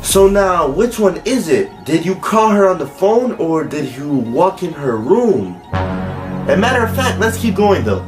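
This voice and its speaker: A man hosting a reaction video, pausing a clip to challenge what was said, with music playing behind him. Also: high-pitched, big pitch swings. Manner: questioning, challenging, pauses the clip. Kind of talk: commentary on a played clip.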